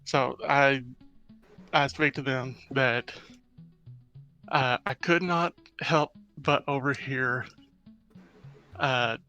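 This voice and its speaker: A man playing a tabletop game, describing his character's actions in a halting, deliberate way. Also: medium pitch, steady tone, pushed and bright, smooth, soft background music. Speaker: player.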